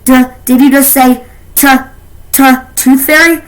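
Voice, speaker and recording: A bratty little girl's whine, pitched high and stretched into slow, childish pleading, as a woman reads her lines aloud. She sounds easily frightened and stubborn, like a character from a children's storybook. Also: a bit bright, lightly acted, rough recording. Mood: scared. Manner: whining, drawn-out childish pleading. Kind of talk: storybook reading.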